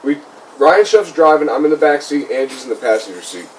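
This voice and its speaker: A man's voice: medium pitch, big pitch swings, brisk. A young man hosting a podcast, telling a comedic ghost story in a rambling way full of "like". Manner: rambling, lots of "like". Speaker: podcast host. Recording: slightly distant mic, faint noise.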